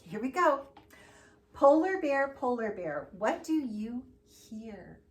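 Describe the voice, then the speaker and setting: A preschool teacher with a high, bright voice reads a picture book aloud to small children. She takes her time, stretching the words in a sing-song, animated way. She keeps coaxing her young listeners to join in. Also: slow pace, slight background noise.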